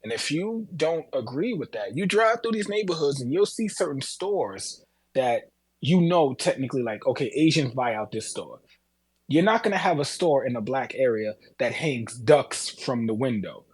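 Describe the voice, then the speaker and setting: New Yorker, husky voice, dry sound, relaxed talker. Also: male voice, medium pitch, normal speed, dry recording. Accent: New York. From New York. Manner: laid-back, explains with many fillers. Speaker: call-in speaker. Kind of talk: casual chat in an audio chat room.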